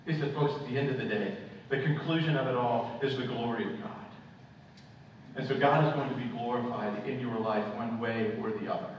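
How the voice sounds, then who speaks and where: A man's voice: mid-range voice, a little hiss or hum. A man preaching a sermon, with impassioned, repetitive exhortations. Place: church. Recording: echoey church from far off, dull sound.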